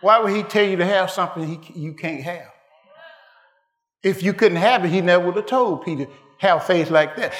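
A man preaching a sermon, building to shouted climaxes and then dropping to hushed, quiet lines. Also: high-pitched, normal speed, echoey room, faint music behind.

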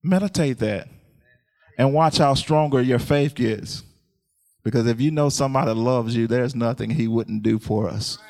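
A man preaches at an ordinary speed, trading calls and responses with listeners. Laughing often, he calls out hallelujahs while his voice swells upward and grows louder.

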